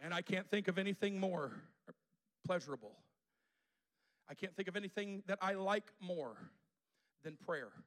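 High-voiced male pastor preaching. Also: normal speed, pauses often. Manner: repetitive, call-and-response preaching. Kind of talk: sermon. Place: church sanctuary with congregation.

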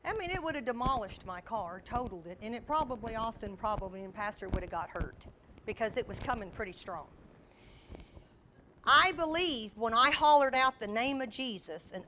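A woman preaches with a bright, forceful tone. Her voice sits fairly high. She tells her story in an animated way and acts out the shouts and cries. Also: normal speed, a little hiss or hum. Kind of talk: sermon with a personal story.

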